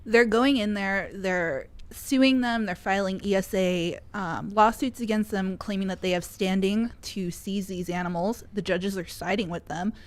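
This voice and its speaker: A woman's voice: mid-range voice, unhurried, hardly any pauses. A woman speaking as a guest on a podcast panel, earnest and heated, with filler words. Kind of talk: casual panel talk.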